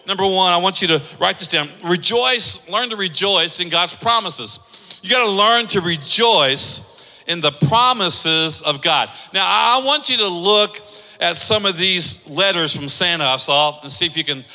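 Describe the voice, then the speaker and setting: High, bright-voiced male preacher in a reverberant hall. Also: animated, normal speed. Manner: emphatic, leads the congregation in reading aloud. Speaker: pastor. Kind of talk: sermon.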